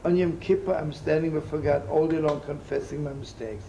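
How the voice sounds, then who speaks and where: A man's voice: fairly high pitch, steady tone, brisk, gravelly, mellow, poor audio. A man giving a storytelling sermon with jokes, acting out the voices in his stories. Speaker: rabbi giving a talk. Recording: live talk with faint room noise.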